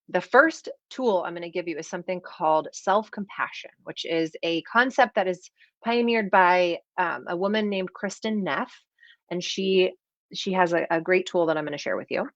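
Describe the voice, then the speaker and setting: A woman, a performance coach talking casually to an online audience in a chatty, animated way that slips into acted-out quoted voices. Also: mid-range voice, no room sound. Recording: dry, slightly dull lo-fi sound.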